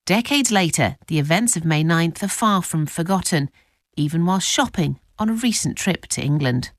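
A woman reading scripted news narration in an even, formal tone. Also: lowish voice, normal speed, no room sound, studio quality.

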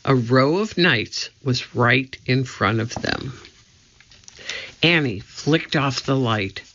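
A man reading a children's story aloud in a steady, scripted narration. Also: mid-range voice, slow, a little hiss or hum. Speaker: audiobook narrator. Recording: slightly dull lo-fi audio.

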